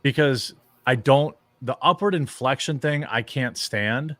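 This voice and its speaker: A man's voice: medium pitch, a little slow, fairly bright tone, no echo. A man hosting a casual livestream, rambling and joking with frequent laughter. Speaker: streamer host.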